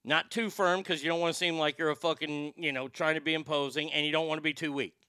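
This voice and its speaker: Heated sweary guy ranting on his show, bright sharp voice, dry close sound. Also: on the high side, fairly even intonation, quick pace, clear, resonant tone, no echo. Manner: profane, heated, sarcastic. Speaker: show host. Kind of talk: ranting commentary.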